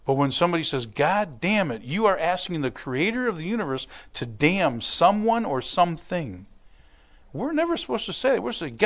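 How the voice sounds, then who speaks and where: A man preaching as a church pastor, in a conversational, animated manner, acting out little quotes and scenes as he explains scripture. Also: fairly high pitch. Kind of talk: sermon.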